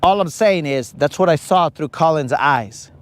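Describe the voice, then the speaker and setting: Streaming live from a boat outdoors, a fishing host rambles and jokes in slang, saying "bro" a lot. His voice is on the high side, with lively intonation and a moderate pace.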